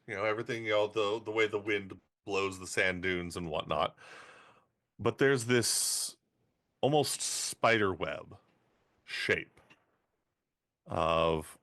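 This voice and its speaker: A man running a tabletop game as game master, setting scenes in slow, descriptive narration. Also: fairly low pitch, bright, forceful tone, no echo, studio quality.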